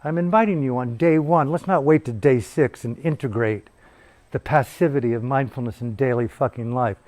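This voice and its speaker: In a Bali retreat hall, a man delivers an intense, provocative dharma talk full of swearing as a meditation teacher. His medium-pitched voice is a little mellow and moves at a moderate pace.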